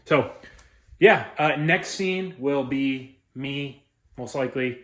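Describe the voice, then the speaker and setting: A young man with a medium-pitched, slightly bright voice is vlogging from inside a car, speaking slowly and casually to his phone camera. He rambles, chats, and corrects himself as he goes, and the noisy interior carries car and road sounds.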